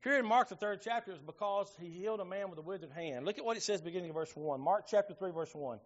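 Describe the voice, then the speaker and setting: Middle-aged preacher, homespun storyteller, high voice, muffled lo-fi sermon recording. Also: male voice, fast talker. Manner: folksy storytelling with Southern phrasing. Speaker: pastor.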